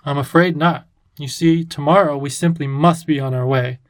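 A man voicing a kindly, courteous older professor who speaks in a gentle, measured way. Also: fairly high pitch, fairly even intonation, no room sound, close to an everyday voice.

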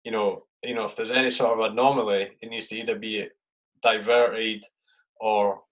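A man's voice: on the low side, flat delivery, normal speed, a bit bright, poor audio. A man hosting a casual interview, rambling about infantry life with lots of "like" and swearing. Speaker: podcast host, ex-soldier.

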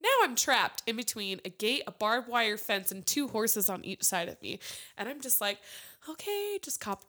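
A woman's voice: medium pitch, moderate pace. A young woman chatting casually among friends, telling long stories with lots of swearing. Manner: animated storyteller, swears freely. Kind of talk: casual chat.

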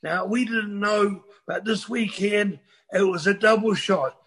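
A man's voice: high voice, measured pace, fairly bright tone, husky. An older man, telling a rambling, profane story as a guest on a casual chat. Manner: rambling, restarts, swears freely.

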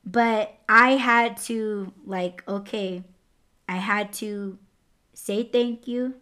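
A woman's voice: medium pitch, drawn-out words, smooth. A young adult woman hosting a podcast, telling a personal story in a candid, profane, casual way. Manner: candid and profane, lively swings in loudness. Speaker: podcast host.

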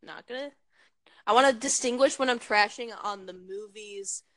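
A young woman co-hosting a casual chat, blunt and opinionated, with quick jokes. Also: fairly high pitch, fairly bright tone, no echo. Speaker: podcast co-host.

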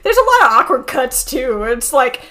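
A young woman co-hosting a podcast, chatting casually and giggling as she recaps a cartoon episode with quick, animated asides. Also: sits high. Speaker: podcast co-host.

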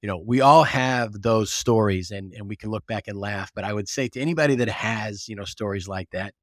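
A man guest on a casual podcast interview, an animated storyteller who restarts often and leans on "you know". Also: fairly low pitch, brisk, no room sound, studio quality. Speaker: guest, agribusiness recruiting consultant.

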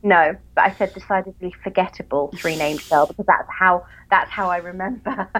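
A woman's voice: fairly low pitch, moderate pace, fairly bright tone, a little hiss or hum, low-quality recording. A woman from England with a Southern English accent, co-hosting a casual book chat in a dry, self-mocking way and laughing often. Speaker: podcast co-host.

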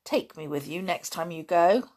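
A woman reading aloud, voicing an eager, excitable farm boy who longs for adventure. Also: moderate pace. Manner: eager, breathless, pitched up.

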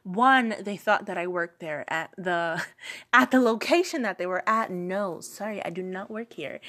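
A woman's voice: mid-range voice, pushed and bright. Young woman, light Geechee lilt, chatty storyteller, loose fillers, repeats herself for effect. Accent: light Gullah Geechee, Lowcountry South Carolina. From Charleston, South Carolina. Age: young adult. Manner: chatty, many fillers, repeats lines for emphasis. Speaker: business owner telling her story. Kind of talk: casual personal storytelling.

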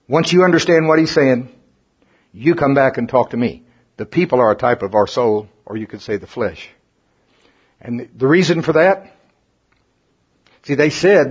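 A man preaching a sermon to a congregation, folksy and animated, his pitch and volume climbing at the high points. His voice is husky and his mouth is getting dry. The recording sounds dull and lo-fi. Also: moderate pace, long pauses.

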